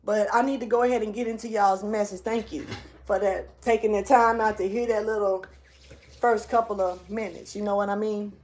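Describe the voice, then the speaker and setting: A woman reads tarot in a loose, slangy, rambling way, sometimes slipping into a half-rapped rhythm. Her voice sits at an ordinary middle pitch. She moves around indoors, so she drifts away from the camera mic at times. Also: darkish tone. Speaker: tarot reader. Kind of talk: casual tarot reading. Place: indoors, moving around the room.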